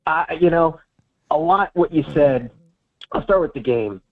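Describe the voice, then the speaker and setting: A man with a slightly high voice rants heatedly and swears often while co-hosting a sports talk show. His voice comes through thin and tinny, like a phone call. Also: huge pitch swings, a little slow, creaky. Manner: heated, profane ranting. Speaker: podcast co-host.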